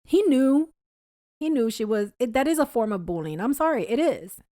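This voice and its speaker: Woman co-host, fairly high voice, forceful, quick agreement, dry close recording. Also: lively intonation, dry recording. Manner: forceful, agreeing loudly with short interjections. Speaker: podcast co-host. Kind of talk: casual chat.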